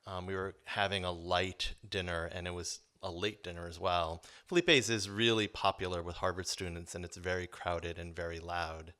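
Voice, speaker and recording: A man's voice: sits low, pushed and bright, clear, resonant tone. A man telling a personal story live at a story slam, reflective and earnest, with frequent ums. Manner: reflective, earnest, many um fillers.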